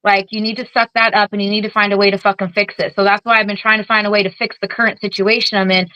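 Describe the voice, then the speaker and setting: A woman's voice: medium pitch, flat delivery, fast, sharp tone, no echo, highs cut off. A woman guest telling her story in candid conversation, blunt and swearing heavily as she acts out what she and others said. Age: adult with children. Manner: blunt, heavy swearing, vivid quoted retorts. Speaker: guest, Air Force veteran.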